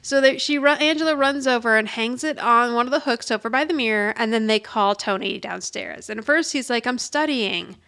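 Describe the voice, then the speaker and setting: A woman's voice: fairly high pitch, brisk, hardly any pauses, pushed and bright. A woman co-hosting a podcast, casually recapping a TV episode and acting out the characters' lines, often laughing. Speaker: podcast co-host.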